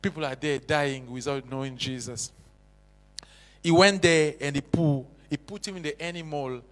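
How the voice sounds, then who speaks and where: High-voiced guy preaching in a big echoey church, broken english, goes loud then hushed. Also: normal speed. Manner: impassioned, swings between loud exhortation and hushed intensity; non-native English with broken grammar. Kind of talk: sermon. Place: church hall.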